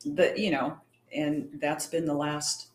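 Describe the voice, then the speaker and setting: A woman's voice: low-pitched, steady tone, takes it slowly, a little hiss or hum. Chatty woman telling stories, echoey room. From California. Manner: chatty, acts out quoted dialogue. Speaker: guest, champion cyclist and triathlete. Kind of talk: casual storytelling interview. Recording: roomy echo.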